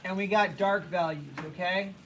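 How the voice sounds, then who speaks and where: A young man teaching a drawing class, talking casually and haltingly, repeating himself and hushing the students. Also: sits high, slight background noise, rough recording. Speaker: art teacher.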